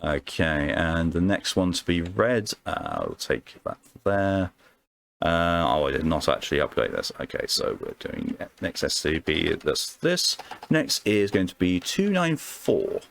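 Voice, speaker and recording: A man's voice: deep voice, big pitch swings, a little slow, gravelly, fairly bright tone. A man streaming live, reading stories aloud and chatting casually between them, with offhand swearing.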